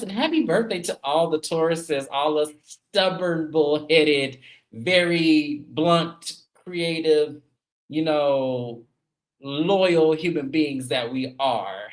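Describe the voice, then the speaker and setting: A man in his thirties hosting a casual livestream, talking straight to viewers in an animated, emphatic way. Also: on the high side. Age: 30s. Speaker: livestream host.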